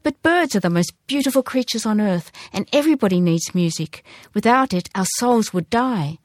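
An earnest young girl from a storybook, played by a woman narrator, loving and anxious. She pleads and questions in a raised, higher voice. The sound is dry and close. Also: animated, moderate pace, a little mellow, no echo.

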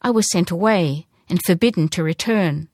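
A woman voicing an ancient male hoopoe wishbird, speaking slowly, solemnly and sorrowfully. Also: fairly low pitch, darkish tone, no echo, studio quality, lightly acted. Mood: grave.

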